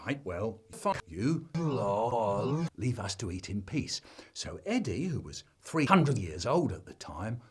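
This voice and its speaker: A man telling a comic family story in an animated storytelling manner, his delivery chopped up by remix edits. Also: takes it slowly, slightly rough. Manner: animated storytelling with big swings in pitch and volume.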